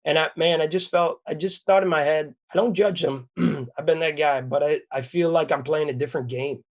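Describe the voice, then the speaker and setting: A man in his thirties from Wisconsin, USA, tells a personal story as a podcast guest. His voice is a little high and steady, and he talks fairly quickly over a muffled recording. He comes across as candid and earnest, rambling along with many restarts.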